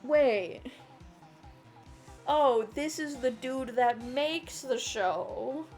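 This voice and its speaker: Woman streamer, unhurried, high-ish voice, chatty, laughing, reads dialogue aloud. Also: a little mellow, faint music behind. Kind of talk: casual gameplay commentary.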